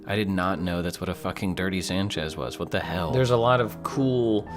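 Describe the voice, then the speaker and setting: A man's voice: low-pitched, normal speed, over music. A man in his twenties giving rambling, profane, casual commentary, often trailing off and restarting his sentences. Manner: rambling, profane, self-deprecating, many restarts. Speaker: video essayist.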